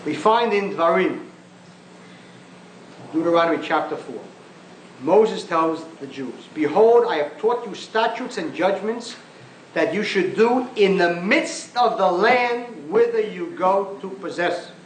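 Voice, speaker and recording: Animated man lecturing in an echoey hall. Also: high-pitched, a little slow. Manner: emphatic, repeats phrases for force; sarcastic asides. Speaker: lecturer on Jewish thought. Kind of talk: impassioned lecture. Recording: echoey room with faint background noise.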